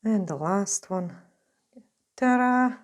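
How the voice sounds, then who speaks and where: A woman's voice: mid-range voice, lively intonation, slow pace. A woman nail artist talking through a tutorial in a chatty, gushing way, full of fillers, while she is losing her voice. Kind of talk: casual tutorial narration while working.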